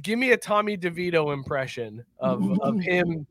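Bright, teasing man on a podcast. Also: a little high, lively intonation, normal speed. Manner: teasing, loud, laughing. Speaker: podcast co-host. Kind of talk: casual sports chat.

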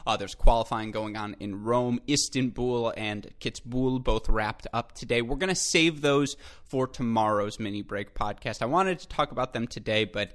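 A man's voice: medium pitch, moderate pace, a bit bright. A man hosting a solo tennis podcast, talking eagerly to his listeners and often correcting himself mid-sentence. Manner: enthusiastic, chatty, addresses listeners as folks; frequent self-corrections and filler. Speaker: podcast host.

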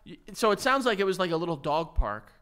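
A man's voice: high-pitched, very animated, fast talker, pushed and bright. A man, co-hosting a casual podcast. His voice sits a bit above the usual male range, and he needles his co-host with playful, absurd questions. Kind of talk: casual chat.

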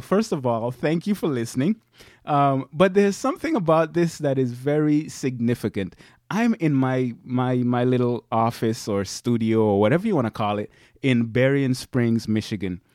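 A man's voice: mid-range voice, darkish tone, no echo. A man hosting his own podcast from a small home office studio, chatty, laughing often and repeating himself. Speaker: podcast host. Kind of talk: casual solo podcast talk.

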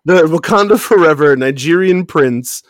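A man co-hosting a casual wrestling chat, animated and laughing often, breaking into mock voices. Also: on the high side, moderate pace, no echo, studio quality. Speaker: podcast co-host.

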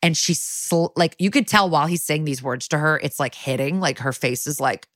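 Low-voiced woman recapping a show. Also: no room sound, clean studio sound. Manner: animated retelling, acting out lines in quick voices. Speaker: podcast co-host. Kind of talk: casual episode recap.

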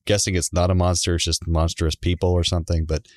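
A man's voice: deep voice, little pitch movement, quick pace, darkish tone, no room sound, clean studio sound. A man co-hosting a podcast in loose casual chat, laughing often as he talks. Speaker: podcast co-host.

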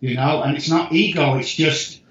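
A man talking as a guest addiction specialist, his voice bright and forceful and pitched a little high. He speaks emphatically, with sudden lifts in pitch and loudness. The sound is roomy and a bit dull, like a lo-fi recording in an echoey room. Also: moderate pace. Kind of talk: animated storytelling in conversation.

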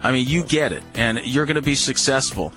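Bright-voiced man giving firm radio advice. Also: mid-range voice, brisk, soft background music. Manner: firm, coaching, emphatic repetition. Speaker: radio show dog-training host.

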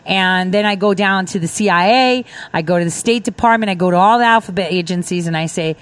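An emphatic woman talking as a radio guest, rambling through her points and slipping into little acted-out dialogues. Her voice sits at an everyday middle pitch, recorded dry and close with no room sound. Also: brisk, few pauses, no room sound. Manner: emphatic, rambling, acts out quoted exchanges. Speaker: defense contractor. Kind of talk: political talk radio conversation.

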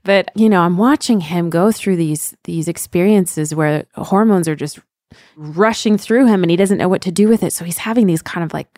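Thirties female co-host, lower voice, candid and earnest, dry close sound. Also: moderate pace, darkish tone, no echo. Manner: earnest, candid, with fillers like "you know". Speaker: podcast co-host. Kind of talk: reflective podcast conversation.

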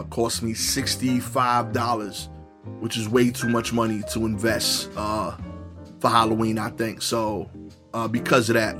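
Wry New man telling a story. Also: on the low side. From New York. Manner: conversational, many "you know" fillers, wry asides. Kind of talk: comedic personal storytelling.

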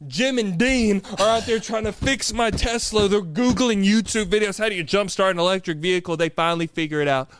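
A man's voice: sits high, brisk, hardly any pauses, a bit bright, clean tone, dry recording, clean studio sound. A young man co-hosting a podcast, retelling a bad day with exasperated, dramatic storytelling. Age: young adult. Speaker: podcast co-host. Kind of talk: animated storytelling.

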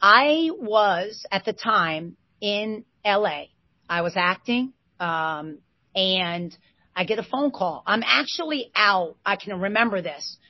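Woman in her 40s telling an excited story, dry dull-sounding mic, gets loud and fast in bursts. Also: medium pitch, no echo. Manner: lively, excitable retelling with bursts of loudness. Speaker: interview guest, former basketball player. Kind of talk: animated storytelling.

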